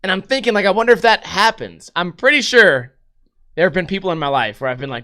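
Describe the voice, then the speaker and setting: High, bright-voiced young man. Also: lively intonation, quick pace. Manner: crude, rambling storytelling with heavy swearing. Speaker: podcast host. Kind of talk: casual livestream podcast chat.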